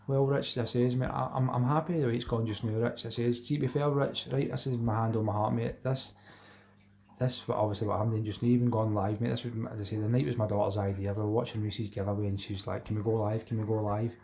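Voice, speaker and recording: A middle-aged Scottish man hosts a live stream, chatting casually with viewers, reading their comments aloud, repeating himself and calling everyone mate. His voice sits in the mid range with a steady tone, and he talks fast with a creaky, slightly mellow quality.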